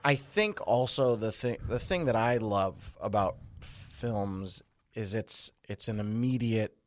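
A man's voice: on the low side, takes it slowly, no room sound. A man who is an actor guest on a podcast, talking casually in a reflective, loose and rambling way. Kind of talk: casual interview chat.

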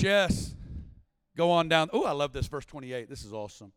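A man preaching a sermon at a church service, impassioned, building to shouts and sing-song cadences. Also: a little high, very animated, moderate pace, smooth, dry recording, in a large hall. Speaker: guest preacher.

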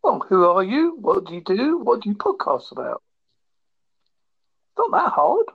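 A man from Essex with a mixed Essex and Devon accent, hosting a casual podcast chat in a teasing, deliberately slow way, speaking close to his phone. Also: high voice, huge pitch swings, creaky, breathy edge, dry recording. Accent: mixed Essex and Devon English. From Essex, England. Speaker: podcast host. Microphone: phone held close. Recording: dry, dull lo-fi phone audio.

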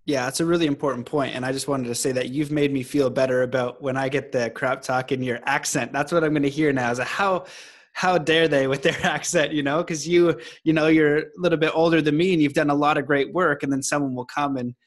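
A man's voice: mid-range voice, steady tone, fast, hardly any pauses. A man hosting a podcast interview, casual and candid, laughing easily over a video call. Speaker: podcast host.

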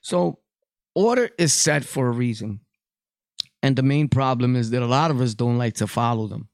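A man's voice: medium pitch, moderate pace, a little mellow, dry recording, studio quality. A Puerto Rican man hosting a podcast, delivering a blunt, profane casual monologue. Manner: blunt, profane street talk. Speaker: podcast host.

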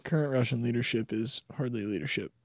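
Gravelly man, wry teasing banter. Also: medium pitch, fast talker, no room sound. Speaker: podcast co-host. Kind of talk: casual chat.

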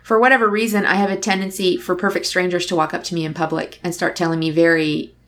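A woman's voice: lowish voice, little pitch movement, fast talker, a bit bright. Woman chatting, telling a story from her life, candid and thoughtful, does the voices of people in it. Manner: candid, reflective, acts out dialogue in her stories. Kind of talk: casual conversation, personal storytelling.

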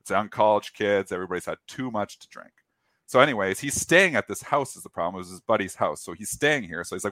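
A show host talks fast in a lowish voice, spinning a lengthy, humorous story for his market show. He performs the quoted lines with animation and restarts, and the sound is dry.

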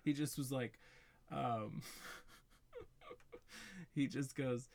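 A man's voice: mid-range voice, extremely slow, gravelly, a little mellow. A young man co-hosting a podcast, casually telling a story and acting out quotes. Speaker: podcast co-host. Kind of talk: casual chat.

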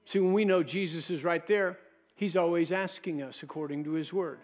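A man preaching a sermon as pastor, dropping to a soft low voice when he quotes Jesus. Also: normal speed, soft background music.

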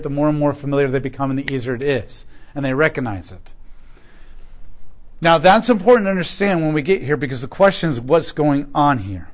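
A male pastor teaches through a scripture passage in an energetic sermon style. His voice sits a little on the high side, and he leans hard into key phrases. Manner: emphatic, rising and falling in loudness when reading scripture. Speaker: pastor teaching a Bible class.

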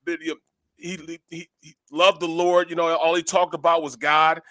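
A man with a high, bright voice tells a football story in casual talk-show chat. He is animated and laughs often, acting out every quote he tells. The sound is dry and close. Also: moderate pace, no echo. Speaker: co-host, former football lineman. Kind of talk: casual sports radio chat.

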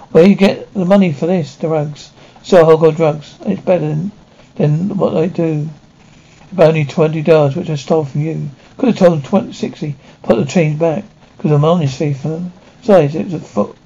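A man reading dialogue and sound cues of a TV episode aloud in an even, unhurried way, on a slightly muffled lo-fi recording. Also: on the high side, vocal fry. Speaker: narrator reading an audio description of a TV episode.

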